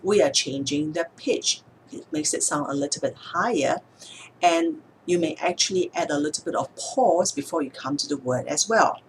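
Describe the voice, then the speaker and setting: Calm, measured woman speech therapist. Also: low-pitched, a little hiss or hum. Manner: calm, measured, demonstrates words slowly with stress. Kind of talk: instructional explanation to camera.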